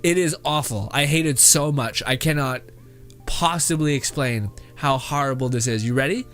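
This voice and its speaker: A man's voice: mid-range voice, moderate pace, a bit bright, faint music behind. A man hosting a casual reaction video who rambles, swears freely and keeps breaking into laughter.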